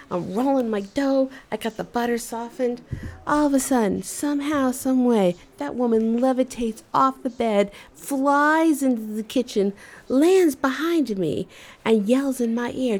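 A woman telling a humorous personal story in an animated, conversational way. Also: a little high. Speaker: storyteller vlogger.

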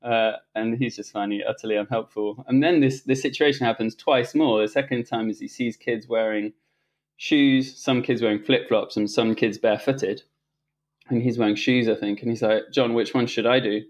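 A middle-aged man appears as a talk show guest, telling a personal story loosely and conversationally, full of restarts and fillers and laughing as he goes. His voice is mid-range, steady in tone, at a moderate pace.

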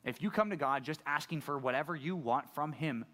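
A middle-aged pastor giving a conversational sermon, often putting questions to the congregation. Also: male voice, a little high, fairly quick, fairly bright tone. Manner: conversational preaching, asks the audience questions.

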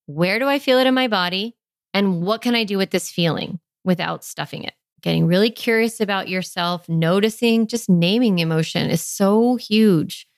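A woman's voice: medium pitch, moderate pace, gravelly, dry recording, clean studio sound. A woman hosting a parenting podcast, talking in a chatty, conversational way and using a lot of filler words. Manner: warm, chatty, lots of "like" fillers. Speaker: parenting podcast host and coach. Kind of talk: podcast monologue.

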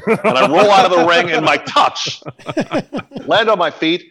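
Middle-aged man, podcast guest, lively storytelling, acts out voices, mid-pitched. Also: normal speed, slightly rough, poor audio. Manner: animated storyteller, acts out quotes. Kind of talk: storytelling in casual chat.

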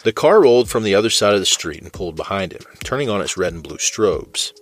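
A man narrating fiction in a steady, measured way. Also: low voice.

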